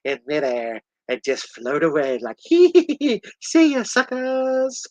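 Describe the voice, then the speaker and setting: Man playing a teasing monkey hero, squeaky high giggles, lively. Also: a little slow, no echo, full character voice. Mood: gloating. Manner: mocking, giggling. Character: gloating giant monkey hero floating away.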